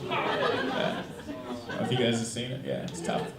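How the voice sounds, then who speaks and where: A man performing a stand-up comedy set, dry and deadpan at first, then building to loud yelling. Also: medium pitch, brisk, very noisy. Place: comedy club stage. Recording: roomy, distant live club recording with loud crowd. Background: loud audience laughter.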